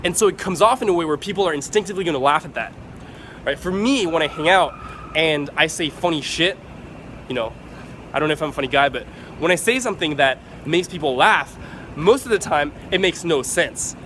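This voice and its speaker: A man vlogging to camera, giving casual advice in an animated way, swearing freely and acting out excited examples. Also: on the high side, fairly quick, a little hiss or hum.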